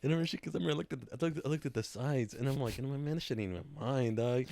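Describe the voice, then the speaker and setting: A young man co-hosting a casual podcast, talking in rapid slang and repeating his words as he tells stories. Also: mid-range voice, vocal fry, dark tone. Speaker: podcast co-host. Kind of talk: casual chat among friends.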